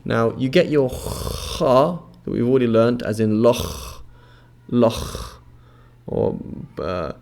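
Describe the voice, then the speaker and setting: A man teaching Arabic letter sounds, patiently repeating each sound slowly and checking with the listener as he goes. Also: medium pitch, lively intonation, gravelly, a little mellow. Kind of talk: instructional explanation with repeated model words.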